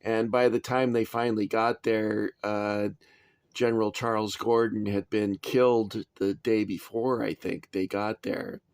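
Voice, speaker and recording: A man reviewing his toy soldier collection in a casual, chatty way, often pausing with "uh" and adding dry asides. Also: on the low side, level tone, darkish tone, clean tone, dry recording. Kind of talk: casual show-and-tell review.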